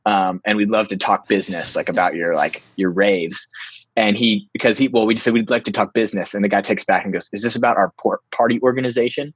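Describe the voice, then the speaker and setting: A young man telling a story in a casual, animated way, full of "like" and restarts. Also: lowish voice, quick pace, few pauses, slightly rough, dry recording. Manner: animated, filler-heavy, lots of "like".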